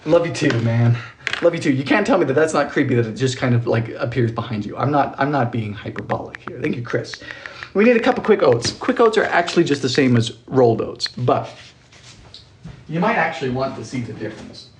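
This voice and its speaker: A young man hosting a chatty live cooking stream from his home kitchen, reading viewer comments aloud and thanking them in a playful, animated way. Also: mid-range voice, brisk, a little hiss or hum. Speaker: cooking livestream host.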